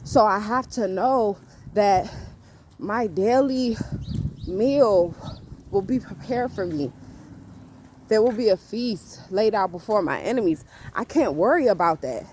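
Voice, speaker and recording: A woman's voice: medium pitch, animated, a little slow, a little mellow, a little hiss or hum. Emphatic woman preaching outdoors. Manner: emphatic, repeats herself, laughs often. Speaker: vlogger giving spiritual advice. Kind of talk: casual faith talk to camera. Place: outdoors on a street.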